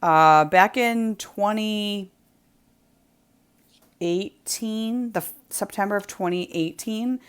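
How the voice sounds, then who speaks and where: A New England woman hosts a craft livestream from her home near the kitchen, telling a story in a rambling, chatty way full of ums and likes. Her mid-range voice is clean in tone, and she speaks slowly with frequent pauses.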